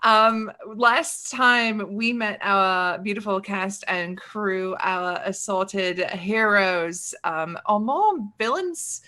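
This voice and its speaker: A woman's voice: medium pitch, takes it slowly, few pauses, sharp tone. A woman narrating as game master of a tabletop game, upbeat and swearing freely, with plenty of ums.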